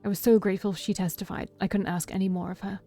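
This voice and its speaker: A woman's voice: mid-range voice, level tone, fast, warm tone, faint music behind, natural voice. Woman reading a haunted young man confessing. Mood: grim. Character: troubled young man confessing a past killing.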